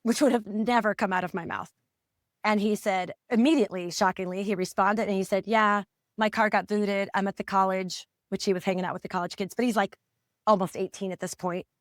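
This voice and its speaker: A middle-aged woman, a parent coach, telling a personal story as a podcast guest, reflective and halting, often restarting her sentences. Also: medium pitch, steady tone, no echo, studio quality. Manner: reflective, halting, with frequent restarts and soft laughs.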